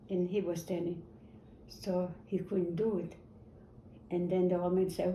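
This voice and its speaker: A woman in her eighties telling a personal memory in a halting way, repeating words and restarting sentences as she goes. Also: on the low side, fairly even intonation, dark tone. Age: 80s. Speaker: interviewee. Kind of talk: personal war memory storytelling. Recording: roomy echo, faint ambient noise.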